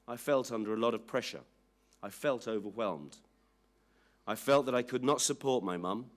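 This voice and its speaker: A man slowly and solemnly reading a family statement aloud at a public inquiry hearing. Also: mid-range voice. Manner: slow, measured, solemn reading.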